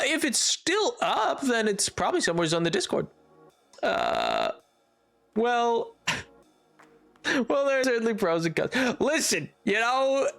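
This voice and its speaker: A man's voice: very high-pitched, fairly bright tone. A man streaming a game and chatting casually with his viewers, rambling and often restarting his sentences. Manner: rambling, frequent restarts and stammers. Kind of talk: casual chat with stream chat while gaming. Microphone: headphones on while streaming.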